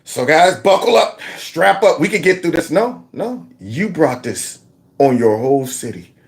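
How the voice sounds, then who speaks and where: Mocking, animated male commentator. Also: on the high side, unhurried. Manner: mocking, animated, laughs often, breaks into sung lines. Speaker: political commentary host. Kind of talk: opinionated commentary vlog.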